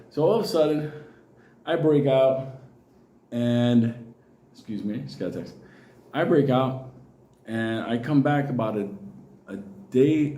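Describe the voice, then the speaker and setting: A man's voice: medium pitch, dark tone, roomy sound. A Puerto Rican man telling a long personal story in a casual, profane way, often laughing.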